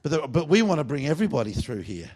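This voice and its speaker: A man preaching a revival sermon, swinging between loud fervent bursts and low confiding asides. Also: sing-song, fast. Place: church meeting.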